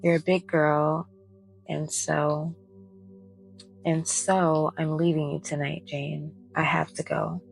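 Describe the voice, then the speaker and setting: A woman reading the lines of a tender, sorrowful male imaginary friend in a soft-spoken bedtime story. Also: deep voice, level tone, slow pace, creaky, faint music behind, full character voice, poor audio.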